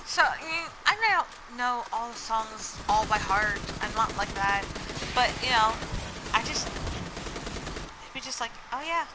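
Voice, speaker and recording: A woman's voice: a little high, slow pace, pauses often, noisy background. A young woman vlogger chatting casually to camera, rambling with lots of fillers and breaking into bits of song. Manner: rambling, lots of "like" and "you know"; breaks into snatches of song while telling stories.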